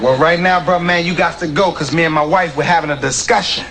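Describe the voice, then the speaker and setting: A man's voice: on the high side, quick pace, a bit bright, slight background noise. An actor playing an exasperated married man hurriedly brushing a friend off in slang, from a film clip.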